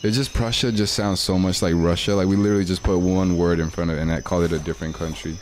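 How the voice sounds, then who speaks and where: A man's voice: low voice, fairly even intonation, fast, a little mellow. Slangy young man streaming. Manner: slangy, rambling, laid-back. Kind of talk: casual livestream chat.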